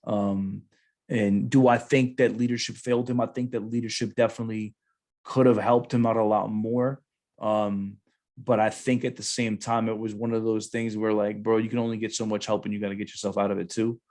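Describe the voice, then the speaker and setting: A man's voice: fairly low pitch, level tone, a little fast, a little mellow. A young adult man, a former Marine sergeant hosting a podcast, telling a personal story in casual slang and calling his co-host bro a lot.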